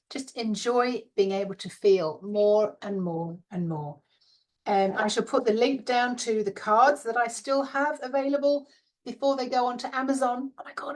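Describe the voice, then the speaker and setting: A woman's voice: mid-range voice, a little mellow. A middle-aged woman, giving a casual spiritual talk in a chatty, dreamy way and laughing often. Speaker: spiritual teacher and card reader. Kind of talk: casual guided visualization talk.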